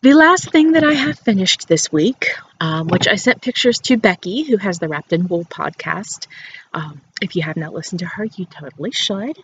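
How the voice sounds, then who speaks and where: A playful, chatty woman shows off her knitting outdoors and laughs often as she talks. Her voice sits at a middling pitch. The recording is a little dull, with faint noise behind her. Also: animated, moderate pace, a bit bright. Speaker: knitting podcast host. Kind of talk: casual show-and-tell chat.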